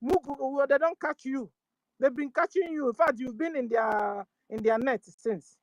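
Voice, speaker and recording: A woman's voice: sits high, normal speed, dry recording, rough recording. A Nigerian woman speaking with preacher-like fervor. She fires off rhetorical questions and repeats her calls again and again, slipping into Igbo lines. Her voice sits mid-range and sounds dry and close, with no room around it. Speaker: guest speaker. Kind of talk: impassioned call-in discussion.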